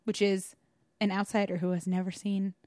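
A woman's voice: mid-range voice, level tone, normal speed, darkish tone, no echo, clean studio sound. A young woman casually recapping a film on a podcast, rambling with lots of fillers and laughing often. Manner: giggly, rambling, many fillers and quoted voices. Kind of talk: casual comedic recap chat.

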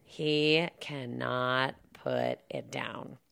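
A woman's voice: rumbling low, vocal fry, a bit bright, smooth. A young woman casually and sarcastically recapping a film plot, full of "like" and laughter, briefly acting out the characters' lines. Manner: chatty and sarcastic, lots of "like" and laughs, acts out lines in quick put-on voices. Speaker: podcast co-host recapping a film. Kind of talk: casual chat.

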